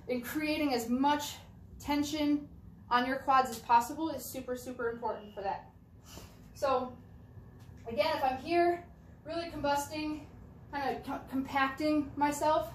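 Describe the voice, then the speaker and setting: A young adult woman with a high voice talks through shot put technique as a throwing coach, casual and repeating herself as she demonstrates. She is heard from a distant camera mic, with an echoey space and faint ambience behind her. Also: slight background noise. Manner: casual, repeats and restarts phrases while demonstrating. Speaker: track and field throwing coach. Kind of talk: casual instructional talk while demonstrating.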